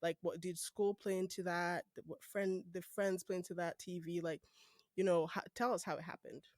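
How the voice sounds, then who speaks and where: A man from Nigeria hosting a casual interview podcast, playful and quick to laugh as he asks questions. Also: sits high, dry recording, studio quality. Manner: laughs often, animated and playful. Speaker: podcast host.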